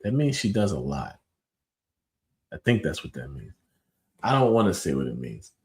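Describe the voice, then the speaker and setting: Man, podcast host, very low voice, loose slangy storytelling, lots of "like" and "you know". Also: normal speed. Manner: animated, slangy storytelling with frequent fillers. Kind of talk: casual storytelling chat.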